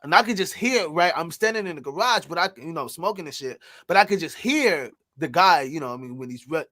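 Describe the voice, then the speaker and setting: A man with a somewhat high voice tells rowdy stories in a loose, casual chat. He is animated and profane, laughing often and acting out what others said. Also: a little fast. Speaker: podcast guest telling stories.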